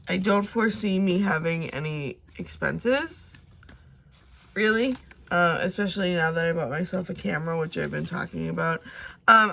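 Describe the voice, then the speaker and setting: A young woman chatting casually as she counts and sorts cash, talking to herself now and then and dropping into soft whispers. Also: on the low side, vocal fry, slight background noise. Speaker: budgeting vlogger.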